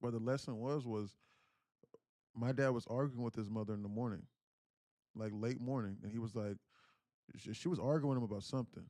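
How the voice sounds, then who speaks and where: A man in his thirties, host of a livestream, speaks candidly and earnestly while recounting a family story. His voice sits at a medium pitch. The recording is dry, with no room echo. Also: fairly quick, pauses often, dark tone. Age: 30s. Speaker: day trading livestream host.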